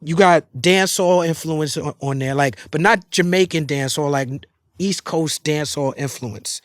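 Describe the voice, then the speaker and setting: A middle-aged man hosting an interview, talking fast and enthusiastically in slangy casual speech with many restarts. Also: fairly high pitch, no echo, clean studio sound. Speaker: podcast host.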